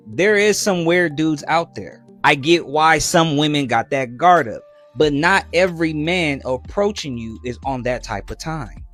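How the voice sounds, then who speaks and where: A man giving social commentary in a measured, explanatory way. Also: a little high, a bit bright.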